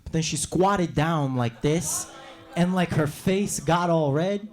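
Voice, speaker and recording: Brash young stand-up comic from New York. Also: male voice, on the high side. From New York City. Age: young adult. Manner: brash, acts out characters in quick voices. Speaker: stand-up comedian. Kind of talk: stand-up comedy set. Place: comedy club stage.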